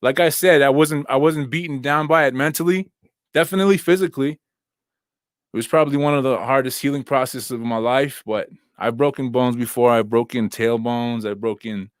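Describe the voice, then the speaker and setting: A man's voice: mid-range voice, moderate pace, dry recording, studio quality. A young man hosting a casual livestream, talking in a laid-back, slangy way with lots of fillers, seated at home while he heals. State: recovering from injuries, sitting down. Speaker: host. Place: at home, seated with laptop and phone.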